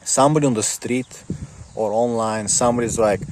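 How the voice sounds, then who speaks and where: A man's voice: medium pitch, a little fast, darkish tone, slight background noise. A man ranting casually to the camera in a rambling, sarcastic, mocking way.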